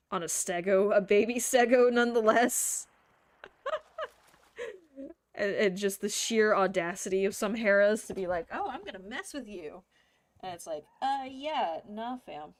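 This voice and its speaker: A woman streamer chatting through live gameplay, laughing often, swearing freely and muttering to herself. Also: mid-range voice. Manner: frequent laughter.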